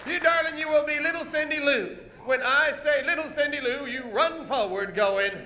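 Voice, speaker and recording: A man hosting a live comedy show, teasing volunteers from the audience with loud stage patter. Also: very high-pitched, moderate pace, hardly any pauses, slight background noise. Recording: echoey venue with music and crowd.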